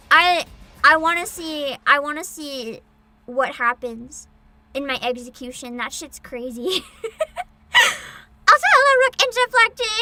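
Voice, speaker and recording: A woman streamer chatting casually on a livestream, excitable and giggly, often humming and squealing. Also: very high voice. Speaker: streamer reacting to a game showcase. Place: home streaming setup.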